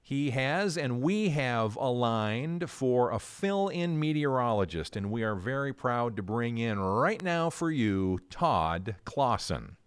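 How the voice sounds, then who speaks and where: Hosting a live local morning radio show from the studio, a man talks in a chatty, lively way with jokey asides, sounding a bit out of breath. His mid-range voice is smooth and slow yet flows with hardly any pauses, picked up by a studio microphone with headphones.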